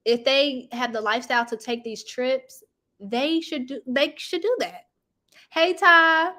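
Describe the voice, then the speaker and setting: Woman host, high voice, animated chatty gossip, a little sniffly. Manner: animated, chatty, talks to viewers as y'all. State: sniffling from allergies. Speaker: YouTube commentary host. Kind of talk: casual reality-TV gossip chat.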